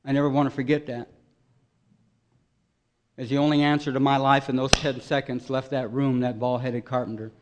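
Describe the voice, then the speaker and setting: A man giving an earnest, emotional personal testimony at a recovery meeting, voice swelling loud at its peaks. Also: mid-range voice, flat delivery, normal speed, pauses often, highs cut off.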